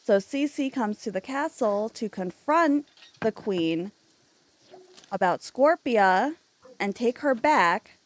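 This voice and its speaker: A woman's voice: mid-range voice, dry recording. A woman telling a life-sim game story in a chatty, casual way, full of fillers. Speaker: Sims storyteller. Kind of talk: casual narrated gameplay story.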